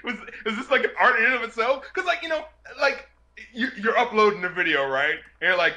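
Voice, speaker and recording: A man hosting a casual chat, telling stories in an animated way and often breaking into laughter. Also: sits high, brisk. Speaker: music video reviewer and show host.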